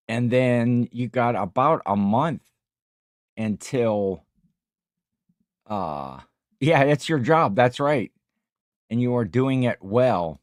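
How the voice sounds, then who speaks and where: A tired middle-aged man with a fairly low voice hosts a casual livestream, chatting and reading out viewer comments in a rambling, jokey way. The recording is dry and studio quality.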